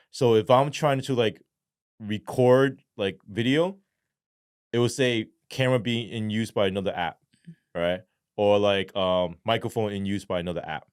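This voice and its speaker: A man's voice: lowish voice, smooth, no echo, clean studio sound. A middle-aged man, a former police sergeant, telling his story as an interview guest, swearing often and acting out the dialogue. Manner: profane, animated, acts out quoted dialogue.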